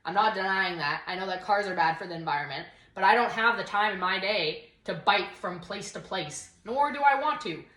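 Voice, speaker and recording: A woman's voice: mid-range voice, lively intonation, fairly quick, few pauses, pushed and bright. A young woman co-hosting a casual podcast, ranting in a worked-up, sarcastic way with lots of "like". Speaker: podcast co-host. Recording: roomy echo.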